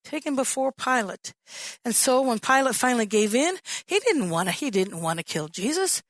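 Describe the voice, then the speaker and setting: A woman pastor preaching a sermon, telling the story with lively acted-out quotes. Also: fairly high pitch, normal speed, no room sound. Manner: animated storytelling, acts out quoted voices.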